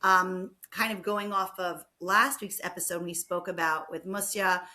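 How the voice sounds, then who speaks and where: A woman co-hosts a relaxed podcast conversation, her voice bright and forward. She tells her story in an animated rush, padding it with frequent "like" and "um". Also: lowish voice, unhurried. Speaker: podcast co-host. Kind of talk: casual podcast chat.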